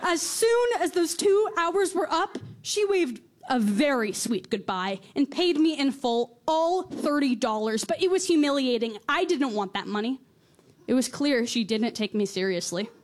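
A teenage girl telling a wry, conversational first-person story on stage, dropping low and soft at reflective moments. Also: animated, measured pace. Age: teens.

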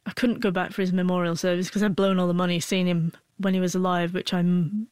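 A woman's voice: on the low side, little pitch movement, quick pace, a little mellow, dry recording. A woman in her forties, an interview guest who stutters, with frequent broken-off sounds and restarts as she tells a personal story.

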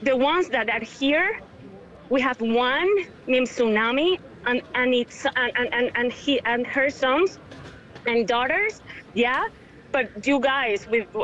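A woman in her thirties, tearful and halting, speaking over the phone with many restarts and repeated words. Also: sits high, fairly bright tone. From Venezuela. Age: 30s. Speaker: interview guest. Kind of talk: emotional phone interview. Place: on a phone call. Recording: muffled phone line.

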